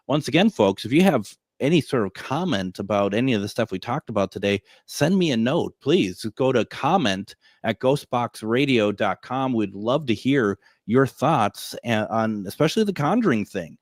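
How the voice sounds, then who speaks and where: A man's voice: mid-range voice, lively intonation, moderate pace, few pauses, dry recording, studio quality. A man hosting a casual radio talk show, chatty and laughing often.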